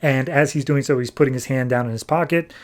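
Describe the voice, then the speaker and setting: A man's voice: medium pitch, quick pace. A male podcast host recapping a comic in a wry, chatty way.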